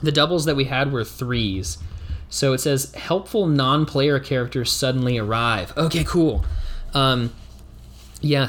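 A man's voice: mid-range voice, a bit bright. A man from the United States narrating and thinking aloud through a solo tabletop game, with many fillers and restarts.

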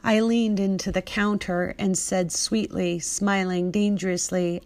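A middle-aged woman narrating her own memoir with intensity, building to loud, emphatic outbursts. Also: mid-range voice, steady tone, measured pace, hardly any pauses. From United States. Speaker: memoir narrator and podcast host. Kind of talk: dramatic memoir reading.

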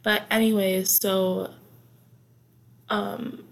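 A woman's voice: medium pitch, little pitch movement, very slow, creaky. A young American woman hosting her own podcast, telling stories in a chatty, rambling way with lots of fillers and asides. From United States. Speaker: podcast host. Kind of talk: casual storytelling.

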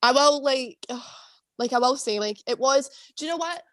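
A woman's voice: high voice, normal speed, fairly bright tone. A young Scottish woman, a former drama student, in a rambling casual chat, laughing often and swearing. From Scotland. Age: young adult.

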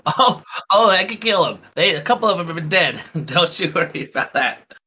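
A man playing a tabletop game, joking and animated as he speaks in character. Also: a little high, fairly quick, breathy edge. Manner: joking and animated, laughs often. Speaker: player. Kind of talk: casual in-character game chat.

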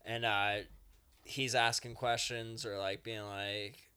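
A man in relaxed podcast chat, telling a long rambling story with quick asides. His voice is bright and forceful, and his sound is smooth and crisp. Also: fairly low pitch. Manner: rambling storyteller, acting out game characters in passing. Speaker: podcast co-host. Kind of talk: casual chat.

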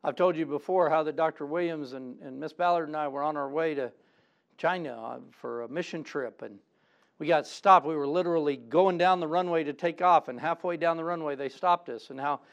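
High-voiced, emphatic middle-aged preacher. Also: male voice, brisk, dull audio. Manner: emphatic, stumbles and repeats words when stirred. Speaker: pastor. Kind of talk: sermon.

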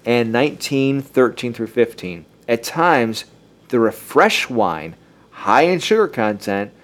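A man's voice: mid-range voice, lively intonation, takes it slowly, a bit bright. Chatty man hosting a group talk. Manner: chatty, laughs often, restarts sentences. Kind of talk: casual group discussion with some reading aloud.

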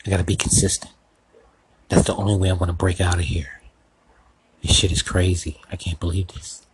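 A man's voice: low voice, little pitch movement, brisk, a little hiss or hum, poor audio. A man hosting a comedic solo podcast sketch, rambling and swearing as he talks to himself. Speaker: podcast host.

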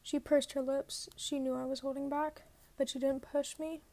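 High-voiced woman reading a novel aloud. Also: level tone, moderate pace, vocal fry, a little mellow. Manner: first-person reading with stumbles and self-corrections. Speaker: audiobook reader. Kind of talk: amateur audiobook narration.

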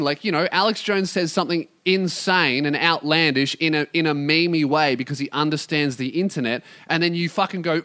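A man's voice: on the high side, fairly quick, hardly any pauses. A young Australian man hosting a solo podcast, ranting casually and swearing a lot. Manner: profane, animated ranting. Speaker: podcast host.

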